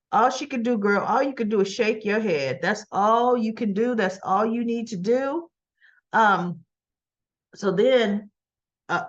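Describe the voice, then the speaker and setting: A woman's voice: on the high side, highs cut off. A woman hosting a casual recap show, retelling the scenes in a chatty way and acting out the characters' lines as quotes. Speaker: soap opera recap host. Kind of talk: casual chat.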